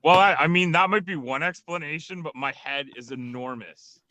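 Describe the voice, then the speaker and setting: A man's voice: on the high side, normal speed, pushed and bright, slight background noise. A man joining a stream as a guest, chatting in a blunt, wry way and swearing now and then. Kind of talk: casual chat.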